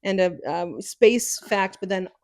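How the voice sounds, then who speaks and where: Woman co-host, halting and dry. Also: medium pitch, no echo. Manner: halting, filler-heavy, dry jokes. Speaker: podcast co-host. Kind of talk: casual chat.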